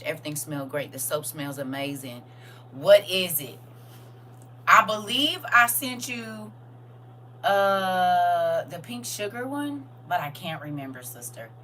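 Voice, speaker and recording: A middle-aged woman chatting excitedly and casually to her viewers on a live stream. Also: lowish voice, a little hiss or hum, rough recording. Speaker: livestream host.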